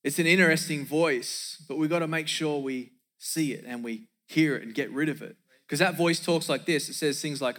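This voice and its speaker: A man's voice: on the high side, normal speed, fairly bright tone. A man preaching a sermon as pastor, emphatic, repeating key lines for effect and dropping in joking asides.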